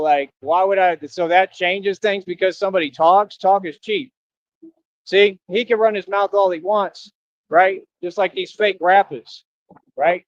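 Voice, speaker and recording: Male streamer from Austin, high voice, confrontational rant, dull dry lo-fi audio. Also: no room sound. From Austin, Texas. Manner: confrontational, repetitive, streetwise slang. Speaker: livestreamer. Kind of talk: ranting livestream monologue.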